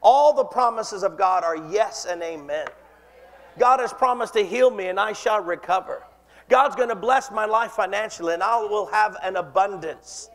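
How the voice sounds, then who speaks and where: A man's voice: sits high, in a large hall. A man preaching a sermon as pastor, impassioned and leading the congregation in call-and-response.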